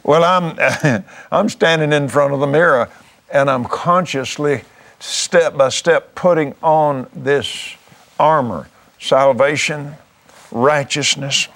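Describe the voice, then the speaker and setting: A man's voice: fairly high pitch, slow pace, fairly bright tone. A man preaching, telling a testimony story in a fervent, folksy way, often restarting his words.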